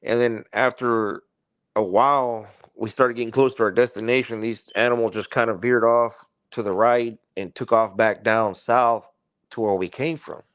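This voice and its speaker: A man's voice: mid-range voice, steady tone, moderate pace, fairly bright tone, clean tone, no echo. A man guest on a podcast, telling a story in a casual, rambling way, full of swearing and "like". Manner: rambling, profane, heavy use of "like".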